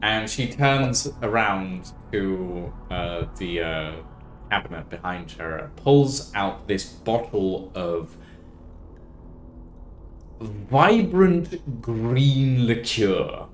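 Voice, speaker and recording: A man's voice: fairly low pitch, lively intonation, extremely slow, a little hiss or hum. A man narrating a tabletop game as game master, hesitant and full of fillers. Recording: echoey room with music behind.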